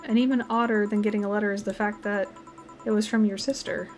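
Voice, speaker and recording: A woman voicing a gentle, soft-spoken adult woman in a game, reading the dialogue aloud. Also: medium pitch, steady tone, fast, soft background music, close to an everyday voice. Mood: reminiscing.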